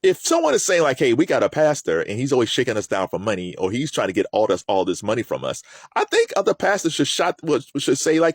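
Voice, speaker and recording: A man giving casual spoken commentary in an animated way, often repeating words as he thinks aloud. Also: medium pitch, quick pace, breathy edge, no room sound.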